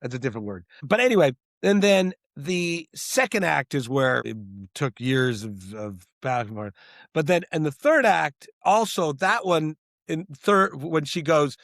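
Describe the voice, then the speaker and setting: A middle-aged man, a screenwriter and director, talking in an interview in an animated, rambling way with many restarts. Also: on the high side, measured pace, no room sound, studio quality. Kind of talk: interview conversation.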